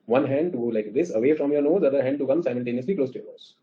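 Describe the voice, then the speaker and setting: A man with an Indian English accent teaching a class, lively and often asking the students questions. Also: mid-range voice, very fast, phone-quality sound. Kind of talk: classroom lecture.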